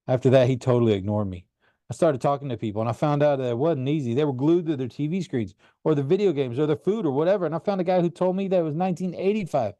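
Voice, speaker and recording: A man reading a first-person story aloud in an earnest, animated way. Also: mid-range voice, quick pace, dry recording. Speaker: audiobook reader. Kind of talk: first-person audiobook narration.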